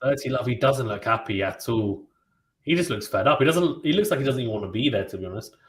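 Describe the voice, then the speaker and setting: A man's voice: mid-range voice, quick pace, a little hiss or hum. Chatty male play-by-play streamer in a roomy space. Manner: chatty and relaxed, reads out viewer comments and reacts to them. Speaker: host of a live tennis watchalong stream. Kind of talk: live play-by-play commentary mixed with casual chat. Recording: roomy echo.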